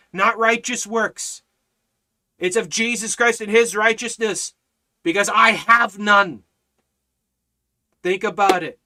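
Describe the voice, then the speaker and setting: A man teaching a Bible study in a fervent preaching style, repeating phrases in a steady cadence. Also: high voice.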